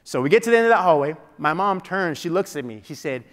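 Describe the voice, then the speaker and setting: A man with a slightly high voice tells a personal story as a keynote speaker. He talks in a loose, conversational way, restarting sentences and dropping in filler phrases. His voice rings out with the long reverb of a large meeting hall. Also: animated, fast talker, a bit bright. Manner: conversational, with frequent "you know" and restarts. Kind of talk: motivational storytelling speech.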